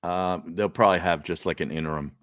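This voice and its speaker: A man co-hosting a casual sports talk show, relaxed and wry, trailing off as he reads. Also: low voice, fairly quick, no room sound, clean studio sound. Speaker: co-host.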